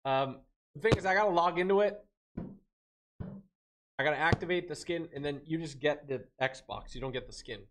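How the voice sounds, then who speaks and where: A man live-streaming a game, chatting in slang, reacting loudly and thanking viewers for donations. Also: fairly high pitch, moderate pace, long pauses. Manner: loud hype outbursts, slangy and excitable, reads donations aloud. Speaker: gaming streamer. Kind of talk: live-stream chat while gaming.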